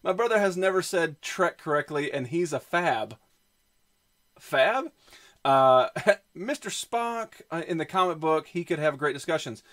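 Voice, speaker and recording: A man's voice: fairly high pitch, lively intonation, measured pace, fairly bright tone. Rambling Southern man on a livestream. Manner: rambling, filler-heavy, reacts to chat. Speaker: streamer showing his comic collection. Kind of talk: casual livestream chat.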